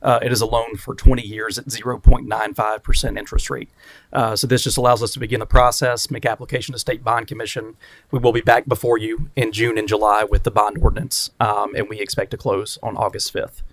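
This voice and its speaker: Fast, flat-voiced man briefing a council. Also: fairly low pitch, no room sound. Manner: brisk and businesslike. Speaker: bond counsel.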